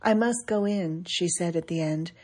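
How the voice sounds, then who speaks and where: Husky, wry woman reading an essay. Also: lowish voice, darkish tone. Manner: wry, measured, quoting others with dry emphasis. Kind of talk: scripted reflective narration.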